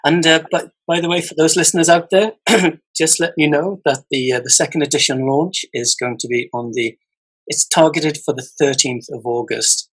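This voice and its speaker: A man's voice: a little high, moderate pace, a bit bright, slightly rough, low-quality recording. A man hosting an author podcast, chatting casually and hesitantly. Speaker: podcast host. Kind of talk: casual interview chat.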